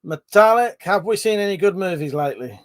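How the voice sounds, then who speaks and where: A man's voice: high-pitched, animated, a little fast, no echo. Chatty man on a livestream. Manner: swears freely, chatty, reads viewer comments aloud. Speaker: livestream host. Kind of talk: casual livestream chat reading comments.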